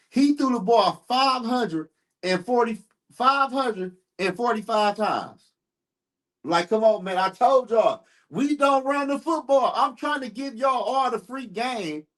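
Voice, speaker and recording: A man hosting a live sports stream, ranting heatedly and profanely while answering his chat. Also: sits high.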